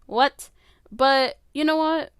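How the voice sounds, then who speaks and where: A woman's voice: high voice, takes it slowly, no room sound, clean studio sound. A teenage girl hosting her own podcast, rambling casually with lots of fillers and open emotion. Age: late teens. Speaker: podcast host. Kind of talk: casual solo podcast chat. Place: her bedroom.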